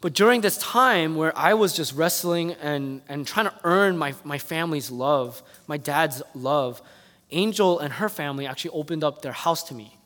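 A man's voice: fairly high pitch, lively intonation, moderate pace, fairly bright tone. Earnest male pastor, echoing hall. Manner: earnest storytelling that builds to impassioned appeals. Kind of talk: sermon. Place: church sanctuary. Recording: long reverb of a hall.

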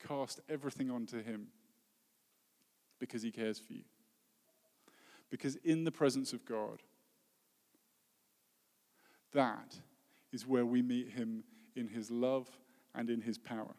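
Man, earnest preacher, soft falling phrases, long hall reverb, mid pitch. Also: fairly even intonation, measured pace. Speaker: worship leader. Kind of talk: sermon. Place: church hall.

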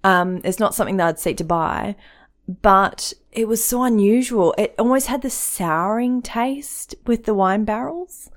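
A woman hosting a podcast, chatting casually and telling lively stories about trips and whiskey. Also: mid-range voice, unhurried. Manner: chatty, animated storyteller. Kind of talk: casual chat.

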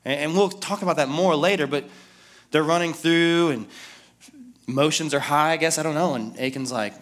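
A man's voice: fairly high pitch, fairly even intonation, normal speed, fairly bright tone. A male pastor preaching a sermon in a casual, conversational way, with frequent fillers.

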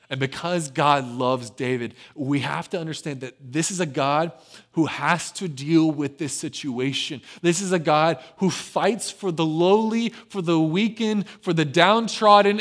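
A pastor preaches a sermon, retelling a story from scripture. He swings between lively emphasis and hushed, low passages.

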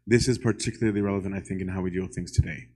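A man's voice: deep voice, steady tone, racing, darkish tone. A man giving a church lecture in a conversational way, often asking the audience "right?" and putting questions straight to them.

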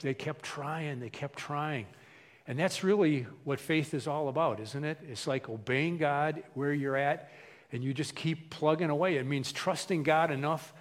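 Man preaching, folksy and repetitive, slightly high voice, echoey hall sound. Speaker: pastor. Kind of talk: sermon.

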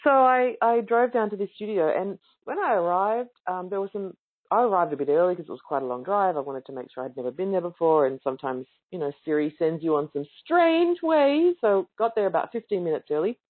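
Chatty and enthusiastic, a woman with a lowish voice tells yoga teachers a casual story about a yoga class, acting out other people's lines. She talks fairly quickly with lively intonation. The online call audio sounds narrow and phone-like.

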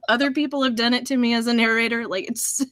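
A woman's voice: a little high, fairly even intonation, a little fast, a bit bright, dry recording, studio quality. A woman, an audiobook narrator, chatting as a guest in a casual interview, laughing often and poking fun at herself. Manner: laughs often, self-deprecating.

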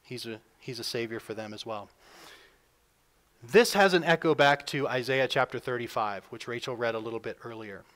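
A male pastor preaching a sermon, relaxed and talking to his congregation the way he would in conversation. His voice sits in an ordinary middle register, and he often slips into the voices of the people in the story. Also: medium pitch, normal speed. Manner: conversational, acts out quotes with rising energy.

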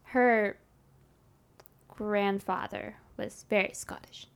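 Brief: woman co-host from Texas, mid-pitched, giggly and rambling casual chat. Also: steady tone, slow pace, vocal fry, smooth. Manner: playful, laughs often, chatty with many fillers. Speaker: podcast co-host.

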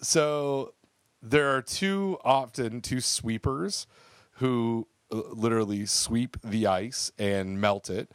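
Speaking slowly in a mid-range voice, a male podcast co-host chats loosely, wandering off with fillers and restarts. The recording is studio quality with no echo.

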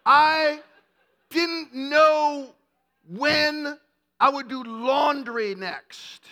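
Male preacher, high and bright, comic storytelling sermon. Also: very slow. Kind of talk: humorous sermon.

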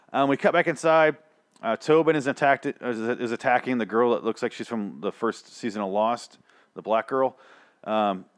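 A man giving a casual, ranting recap of a television episode, sarcastic and full of swearing and fillers. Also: mid-range voice. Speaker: show recap commentator. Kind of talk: casual profane recap monologue.

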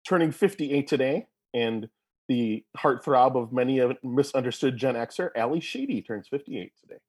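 A man's voice: mid-range voice, animated, moderate pace, darkish tone, slightly rough. A man in his forties co-hosting a casual podcast chat, reading out birthdays with jokey asides. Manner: jokey, reads listings with asides.

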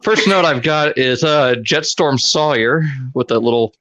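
Male co-host, relaxed conversational delivery, halting starts. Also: a little high. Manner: laid-back, chuckling, halting starts. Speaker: podcast co-host. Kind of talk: casual chat.

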